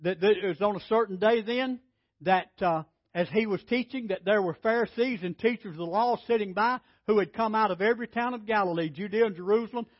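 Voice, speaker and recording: A man preaching a sermon in a high voice, swinging from loud emphatic bursts to hushed lines as he acts out scripture. The sound is dry and somewhat dull, like a low-fidelity church recording. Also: no echo. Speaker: pastor.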